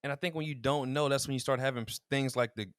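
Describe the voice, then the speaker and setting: Clean studio sound, dry and free of room color, carries this podcast co-host's mid-range, clean-toned voice at a quick pace. He chats casually, spinning animated stories, performing the quotes in them, and laughing a lot.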